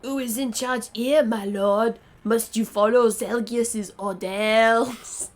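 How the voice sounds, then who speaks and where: A woman's voice: a little high, steady tone, slow. A woman doing a fawning knight commander. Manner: formal, earnest, deferential. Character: eager male knight commander, fawning to his lord.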